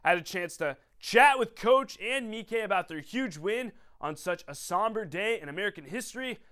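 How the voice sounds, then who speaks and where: A man hosting a local sports show, calling highlights in a playful, hyped, slangy way. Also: animated, moderate pace, bright, forceful tone, smooth. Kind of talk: energetic sports highlight commentary.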